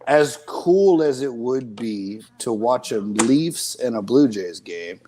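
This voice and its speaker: A man's voice: medium pitch, expressive, slow, warm tone. A man co-hosting a podcast, talking sports in a laid-back way and swearing freely. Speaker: podcast co-host. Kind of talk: casual sports chat.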